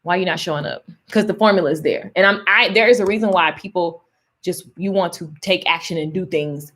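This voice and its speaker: A woman's voice: fairly low pitch, fairly quick, a bit bright. Upbeat woman live streaming from her phone. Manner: upbeat, hypes viewers and greets commenters by name; chatty, with fillers and restarts. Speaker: online business coach hosting a live stream. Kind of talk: casual live stream chat with viewers.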